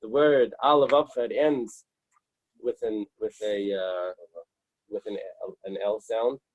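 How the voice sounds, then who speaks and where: Husky-voiced man teaching Talmud. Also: fairly low pitch, steady tone, dry recording, lo-fi sound. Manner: explains in halting restarts, mixes Aramaic readings with English. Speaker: Talmud class leader. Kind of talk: Talmud study class.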